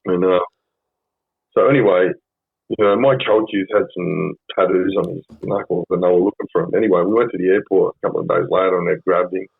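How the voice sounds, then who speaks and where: A deep, husky Australian man in his fifties tells his story in a loose, swearing, rambling way. His voice sounds dry and close, with no room around it, and the recording has a narrow, phone-like sound. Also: fairly even intonation, brisk, no echo. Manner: rambling, profane, frequent ums. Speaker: podcast guest. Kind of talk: casual storytelling interview. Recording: phone-like band-limited sound.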